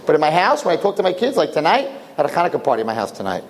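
A male rabbi giving a sermon as a lively story, jumping into voices and joking with his listeners. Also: a little high, racing. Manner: animated, acts out voices, jokes with listeners. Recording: long reverb, faint background noise.

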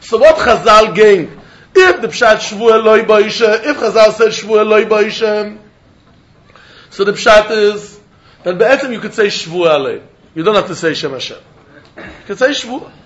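A man's voice: high-pitched, expressive, moderate pace, a bit bright, highs cut off. A man teaching a Talmud class, in a singsong study chant. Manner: singsong study chant, mixing English with Hebrew, Aramaic and Yiddish terms. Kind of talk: yeshiva-style Talmud lecture.

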